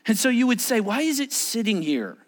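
A male pastor preaching a sermon, acting out the quotes he reads with loud shouts. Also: very high-pitched, a little fast. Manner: animated, acts out shouted quotes.

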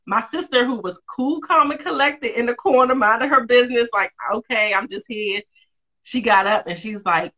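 A woman, a mother of two, telling a personal story in a candid, lively, casual way with quick asides. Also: on the high side, slightly rough, muffled recording. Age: adult, mother of two.

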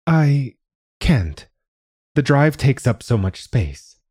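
Gentle halting alien, a guy putting it on, higher and slower, storybook reading. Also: big pitch swings, breathy edge, no echo, clean studio sound, exaggerated voice. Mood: earnest. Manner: halting, careful speech. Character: clumsy-speaking alien visitor, gentle and earnest. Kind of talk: audiobook reading.

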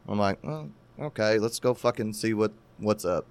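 A man telling a crude, animated story in casual profane podcast chat, laughing at his own tale. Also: on the low side, normal speed, smooth, no echo.

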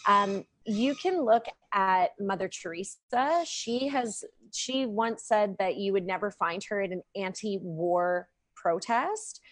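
A woman's voice: mid-range voice, slow, hardly any pauses, dry recording. A woman talking as a podcast guest over a video call, chatty and upbeat, saying "like" often. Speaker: podcast guest, NLP practitioner. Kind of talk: casual conversation.

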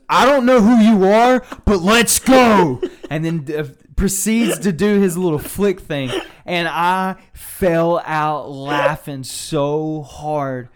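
Laughing young man telling a story. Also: a little high. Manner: laughing storyteller, many fillers. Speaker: college baseball player telling a story. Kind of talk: casual chat.

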